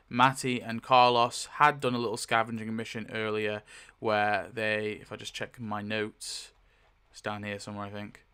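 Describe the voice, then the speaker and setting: A man's voice: medium pitch, pushed and bright, smooth. A man playing a tabletop roleplaying game solo, talking it through casually and thinking aloud with many fillers and self-corrections. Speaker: solo game player narrating.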